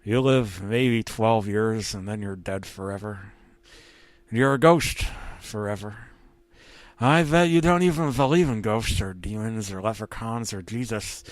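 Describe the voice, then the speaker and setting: A man voicing the menacing ghost of a male cartoon cat, speaking in slow, ominous threats. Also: fairly low pitch, no echo, close to an everyday voice.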